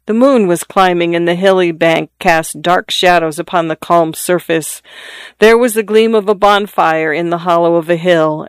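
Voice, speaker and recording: A narrator reading a classic story aloud in a measured, descriptive way. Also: medium pitch, clean tone, no echo. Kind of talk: scripted audiobook narration.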